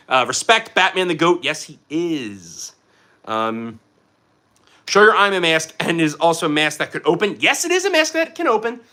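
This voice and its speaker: On his casual livestream, a young man goes through viewer comments and rambles on energetically. He laughs in bursts, and his pitch leaps around quickly.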